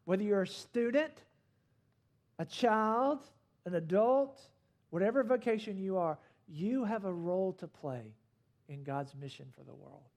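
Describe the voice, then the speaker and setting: A man's voice: sits high, darkish tone. A man preaching a sermon as pastor, speaking emphatically with swells and drops in intensity. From not from Australia.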